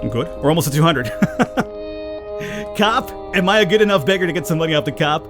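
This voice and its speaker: A man with a low voice giving rambling, casual commentary on a game he is playing, and chatting to the characters on screen. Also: lively intonation, fairly quick, long pauses, music in the background. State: panicked, high and urgent. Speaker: let's play gamer.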